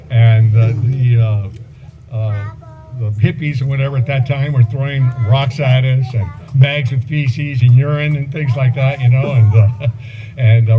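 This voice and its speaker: A man in his seventies giving a eulogy for an old friend at a memorial gathering, rambling through anecdotes with chuckles and fillers. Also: medium pitch. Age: 70s. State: voice breaking with emotion at times. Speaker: eulogy speaker, old friend and former police partner. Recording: muffled event recording with loud background noise.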